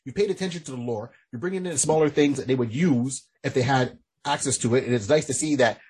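A man's voice: mid-range voice, fast, darkish tone, slightly rough. A man co-hosting a podcast, chatting casually in a rambling way with lots of restarts. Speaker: podcast co-host. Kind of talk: casual chat.

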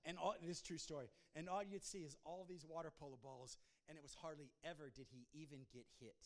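A man with a notably high voice delivers a sermon as pastor. He preaches with fervor, stuttering through repeats and rising and falling in volume. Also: fast, hardly any pauses. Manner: fervent preaching with repeated words and swings in loudness.

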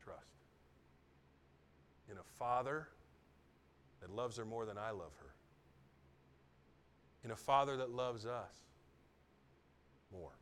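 A middle-aged man preaching a sermon, dropping to hushed, near-whispered asides before climbing into loud, emphatic repetitions. His voice sits in a middle register and gets livelier as he builds. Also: mid-range voice, lively intonation, slow pace, pauses often, a little hiss or hum. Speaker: pastor.

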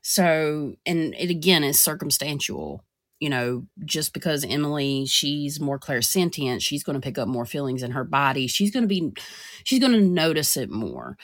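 Co-host, mid-pitched, earnest explainer with restarts, dry close mic. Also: lively intonation, normal speed, no echo. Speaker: podcast co-host and spiritual practitioner. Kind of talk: casual podcast discussion.

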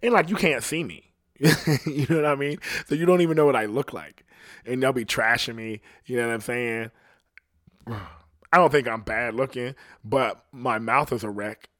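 A man's voice: mid-range voice, steady tone, normal speed, a bit bright, dry recording, studio quality. A man from Ohio hosting a solo podcast, rambling in a profane, casual monologue and often asking "you know what I mean". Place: at home alone.

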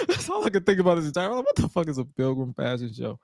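Animated, profane man recapping wrestling. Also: fairly high pitch, fast, hardly any pauses, no echo, clean studio sound. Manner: animated, profane recapping with mock-incredulous outbursts. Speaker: podcast co-host. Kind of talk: casual chat.

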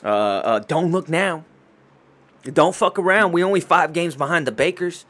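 A man hosting a casual sports show, talking fast and loose with lots of swearing and trash talk. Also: a little high. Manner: profane, excitable trash talk.

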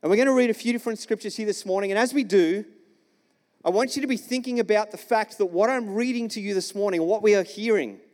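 A man's voice: high-pitched, quick pace, darkish tone. A male pastor preaching a sermon in a church, telling a story and asking the congregation questions. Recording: long reverb of a church hall.

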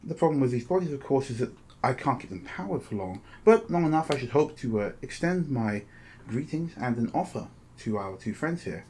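A man's voice: medium pitch, expressive, fairly quick, a little mellow, a little hiss or hum, natural voice. A man voicing a small, feminine robot shaped like a kobold, speaking courteously and formally. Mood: polite.

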